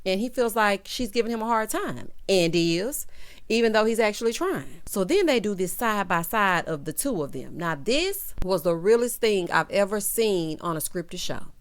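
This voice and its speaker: A woman's voice: mid-range voice, expressive, moderate pace. A woman giving a sassy, opinionated recap of a TV episode and talking straight to her viewers. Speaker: TV recap vlogger.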